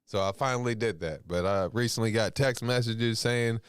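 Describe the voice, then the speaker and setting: A man hosting a call-in podcast, talking in a relaxed, rambling, slangy way. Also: mid-range voice, normal speed, clean tone, no echo. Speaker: podcast host. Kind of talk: casual call-in chat.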